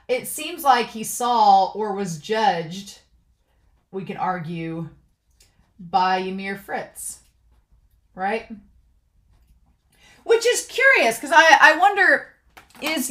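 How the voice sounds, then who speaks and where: Excitable woman thinking aloud in a recap. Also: fairly high pitch. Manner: excitable, thinking aloud, often asks "right?". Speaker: anime episode reviewer. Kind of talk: casual episode recap and commentary.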